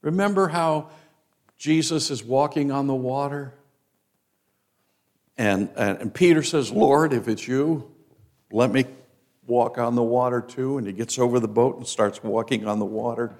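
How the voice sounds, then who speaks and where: A male preacher delivering a sermon, dramatically acting out the voices of the people in his story, swinging from loud cries down to hushed words. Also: mid-range voice, a little slow, long pauses.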